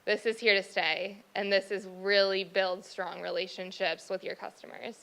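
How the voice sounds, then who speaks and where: Bright, smooth young woman presenting. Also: medium pitch, little pitch movement, moderate pace, low-quality recording. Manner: teasing, upbeat. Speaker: presenter on marketing. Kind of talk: presentation with banter.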